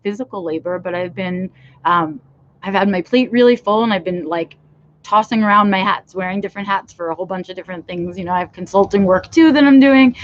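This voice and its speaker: Shivering from the cold in a backyard, a vlog host rambles through her live stream in casual chat full of fillers. She speaks at a medium pitch, and the recording is muffled with a little hiss or hum.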